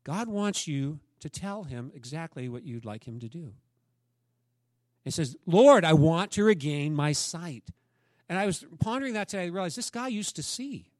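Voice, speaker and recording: A male pastor preaching a sermon, telling a story in an animated way with asides and questions for the congregation. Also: a little high, moderate pace, no echo, clean studio sound.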